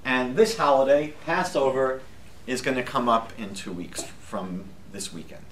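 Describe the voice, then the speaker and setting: A man teaching a live class as a rabbi, lively and chatty, posing questions to the group. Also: medium pitch, unhurried, slight background noise. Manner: lively, asks the class questions, jokes lightly.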